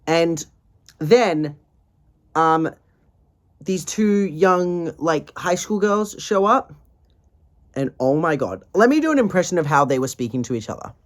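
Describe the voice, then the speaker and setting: A man's voice: on the high side, animated, unhurried, long pauses. A man in his twenties ranting in a casual video diary, tired, profane and rambling. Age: 20s. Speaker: vlogger.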